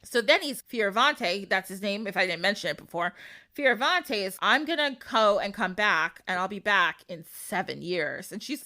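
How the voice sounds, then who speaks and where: Bright-voiced woman telling a story casually. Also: medium pitch, lively intonation, normal speed. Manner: playful, laughs often, acts out voices loosely. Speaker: podcast host.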